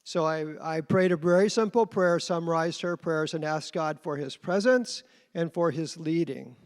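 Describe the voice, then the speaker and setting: A man's voice: a little high, moderate pace. A man giving an earnest conference talk about leading a church group, telling his story plainly. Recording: reverberant hall.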